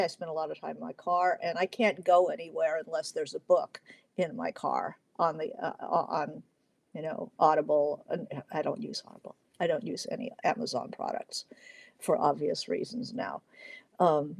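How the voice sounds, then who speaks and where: A middle-aged woman with a gravelly, creaky edge to her voice, chatting in a loose, digressive way, full of "um"s and restarts. She sounds close to the mic in a dry, dead room. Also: low-pitched, a little mellow, no echo. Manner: chatty and digressive, many fillers. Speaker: novelist hosting a writing Q&A livestream. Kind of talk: casual livestream talk.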